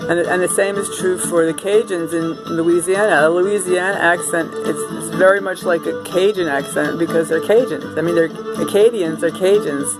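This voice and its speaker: A woman talking casually as she walks from room to room in her home, meandering from thought to thought with plenty of fillers and false starts. Fiddle music plays clearly in the background. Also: on the low side, steady tone, moderate pace, few pauses, rough recording. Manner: rambling, chatty, many fillers and restarts. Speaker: artist showing her home studio. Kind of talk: casual vlog chat and home tour. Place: home, walking from room to room and into a kitchen. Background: Cajun fiddle music playing from a computer.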